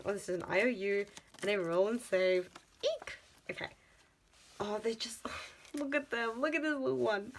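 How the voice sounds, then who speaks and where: Excitable chatty woman vlogger. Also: lowish voice, rough recording. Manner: excitable and chatty, with frequent gasps and exclamations. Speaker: budgeting vlogger. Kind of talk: casual vlog chat.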